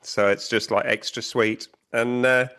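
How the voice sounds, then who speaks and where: A man's voice: medium pitch, steady tone, measured pace, sharp tone, smooth. Chatty man co-hosting a podcast. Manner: chatty, laughs often, talks while eating. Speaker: podcast co-host. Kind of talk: casual chat.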